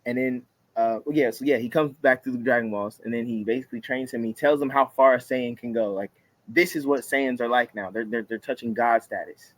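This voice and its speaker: A man's voice: mid-range voice, fairly even intonation, a little fast, poor audio. A man co-hosting a casual podcast, retelling a plot in loose, slangy talk. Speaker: podcast co-host. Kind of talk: casual chat.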